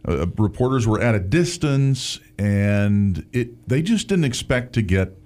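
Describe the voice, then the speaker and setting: A male talk radio co-host who argues emphatically. His pitch rises and falls in a lively way. He sounds firmly opinionated. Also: unhurried.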